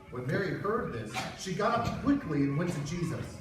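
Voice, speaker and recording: A man's voice: a little high, normal speed, few pauses. A man telling a Bible story to children as a children's pastor, acting out each character's lines. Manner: animated, acts out the voices in the story. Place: church hall. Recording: echoey hall, far from the mic, with background noise.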